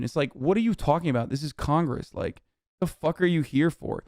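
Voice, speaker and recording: Brisk and a little high, with a darkish tone, a young man vents at a news clip during his stream, cursing and using lots of filler words in frustration. It's a dry, clean studio recording.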